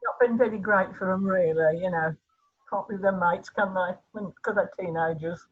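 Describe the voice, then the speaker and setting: A woman's voice: medium pitch, moderate pace, breathy edge. Older Birmingham woman on a muffled call. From Birmingham, England. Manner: chatty and reflective. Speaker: online class participant. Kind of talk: casual chat. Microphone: video call. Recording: dull lo-fi video call audio.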